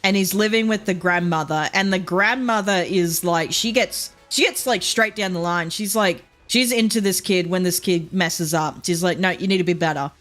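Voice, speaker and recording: A woman's voice: fairly low pitch, moderate pace, hardly any pauses, a bit bright. Rambling Australian woman streamer. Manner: rambling, swears freely, laughs often. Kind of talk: casual chat while gaming. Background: faint game music.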